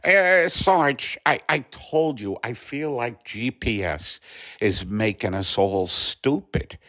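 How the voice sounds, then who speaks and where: A hoarse man playing a confused, bumbling patrol cop in a comedy sketch, hesitant and full of uhs. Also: medium pitch, slow pace, bright, forceful tone, dry recording, clean studio sound. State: hoarse from bronchitis.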